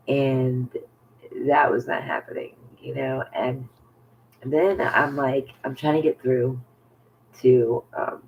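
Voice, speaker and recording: A man telling a personal story to camera in a halting, rambling way, full of fillers and restarts, often sinking to a near whisper. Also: mid-range voice, creaky, highs cut off, a little hiss or hum. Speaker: vlogger.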